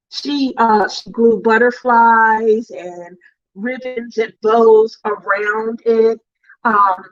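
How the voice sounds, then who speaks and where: During her crafting livestream, a middle-aged host chats casually and reads out viewer comments, drifting into an emotional, heartfelt story about her family. Her somewhat high voice comes through in a dry, lo-fi recording.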